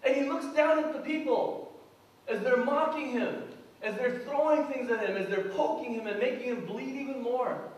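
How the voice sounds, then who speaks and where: High-voiced pastor preaching in an echoey hall. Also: male voice, moderate pace, recorded from a distance. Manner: earnest preaching, acts out prayers and quotes. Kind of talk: sermon. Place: church sanctuary. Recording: echoey church hall, from afar.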